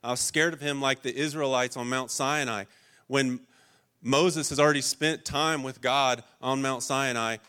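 A man preaching a sermon, telling stories with dramatic swings between loud, urgent lines and hushed, low passages. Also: fairly even intonation, moderate pace, clean tone.

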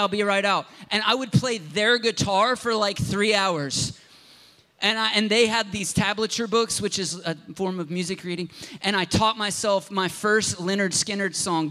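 Man, pastor, sermon, impassioned storyteller, from southern ohio, high voice. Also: sharp tone.

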